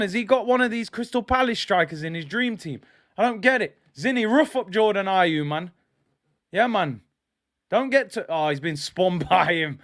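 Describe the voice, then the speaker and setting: A young man streams his own running commentary on a football match. His voice sits high for a man, and he talks straight to his viewers in slangy fan chatter. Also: normal speed. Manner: animated fan, shouts and exclaims when play goes wrong. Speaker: football watch-along streamer.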